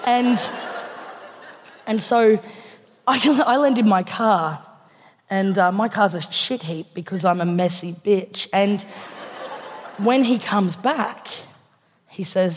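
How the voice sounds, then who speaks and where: A woman's voice: medium pitch, slow pace, long pauses. A woman comedian with an Australian accent, telling a story with a laugh in her voice to a live audience. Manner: laughing, loose and chatty. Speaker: stand-up comedian. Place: theatre stage before an audience. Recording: reverberant live theatre recording, faint noise.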